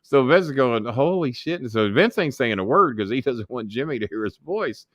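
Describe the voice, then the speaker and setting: A man tells stories as an interview guest, swearing freely and acting out what others said. His voice rises and falls widely in a mid pitch. The recording is dry and close. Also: brisk, no echo. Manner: animated, swearing, mimics others in quotes. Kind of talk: profane anecdotal storytelling.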